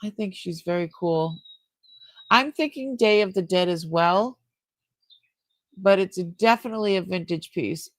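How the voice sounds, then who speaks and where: An older woman hosting a live jewelry sale stream, chatting casually and warmly with her viewers. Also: lowish voice, unhurried, pauses often, no echo. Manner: chatty and warm-hearted, easily moved.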